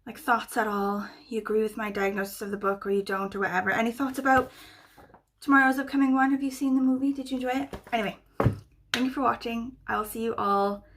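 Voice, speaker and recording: A woman's voice: on the high side, fairly even intonation, fast, fairly bright tone, a little hiss or hum. A young woman in a casual book vlog, talking in a chatty, rambling way, full of "like" and "you know". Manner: chatty, rambling, heavy use of "like". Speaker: book vlogger.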